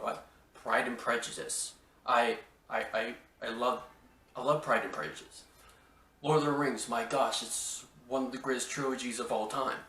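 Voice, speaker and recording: Slow-talking man in an echoey room. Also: medium pitch, sharp tone. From Washington State. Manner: rambling, exclamatory, stammers on restarts. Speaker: podcast host. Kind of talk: casual movie review chat. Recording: roomy echo, mic at a distance.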